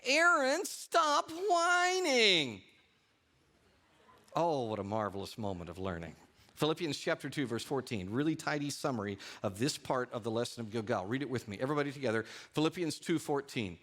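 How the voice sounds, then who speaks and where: A man's voice: mid-range voice, lively intonation, quick pace. A male pastor preaching a sermon in a church, talking animatedly and lifting his voice for asides and quoted lines. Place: church sanctuary.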